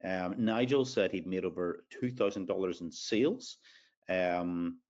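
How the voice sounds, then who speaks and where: Hosting a live sales webinar, this Irish-accented man has a low, unhurried, slightly mellow voice. His delivery is chatty and full of fillers, and he calls out audience names along the way. The audio sounds dull.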